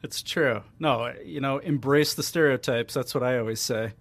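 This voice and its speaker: A man's voice: medium pitch, moderate pace. A man hosting a casual podcast chat, laid-back and given to hesitant restarts. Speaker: podcast host.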